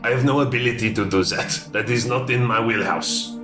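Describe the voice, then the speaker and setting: A man voicing an awkward, apologetic male artificer with low charisma, talking in halting, earnest turns and dropping in French words. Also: bright, forceful tone, close to an everyday voice. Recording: roomy mic with music under.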